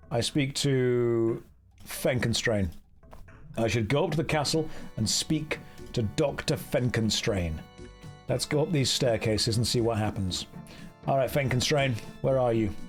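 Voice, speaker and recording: Jokey male game streamer. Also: medium pitch. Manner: chatty, self-mocking, jokey. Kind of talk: casual live-stream commentary.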